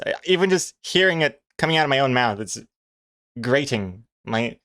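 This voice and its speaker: A man chatting on a live stream while he draws, joking at his own expense. His pitch swings widely as he talks. The sound is dry and close. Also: lively intonation, a little fast, a bit bright, clear, resonant tone, no echo. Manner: self-mocking, jokey, reads chat aloud. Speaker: comic artist streaming. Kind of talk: casual live-stream chat while drawing.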